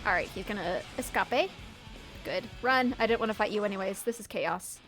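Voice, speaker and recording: A woman's voice: mid-range voice, a little fast. A woman streaming a video game with chatty, giggly, self-mocking casual commentary. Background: faint background music.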